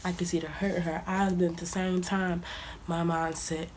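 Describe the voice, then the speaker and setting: A young woman recounts a personal story in a relaxed, conversational vlog style, now and then sinking into a near-whisper. Her voice is mellow and sits a little low, with a faint hiss under the recording. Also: moderate pace. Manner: casual, conversational, drops to near-whispers at times. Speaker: vlogger. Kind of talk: storytime monologue.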